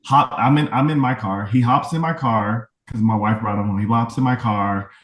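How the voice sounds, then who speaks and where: A man's voice: mid-range voice, normal speed. Earnest male guest, candid and reflective, heard from a distance in an echoey room. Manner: reflective, earnest, fond of tag questions. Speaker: podcast guest, father of autistic twins. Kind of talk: candid conversational interview. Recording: roomy, distant from the mic.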